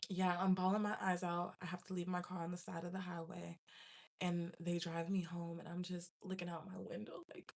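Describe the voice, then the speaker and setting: A woman's voice: fairly low pitch, normal speed, vocal fry. A young woman casually telling a story to her viewers, laughing often and acting out her own panic. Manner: animated, laughs often, acts out her panicked past self. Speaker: vlogger.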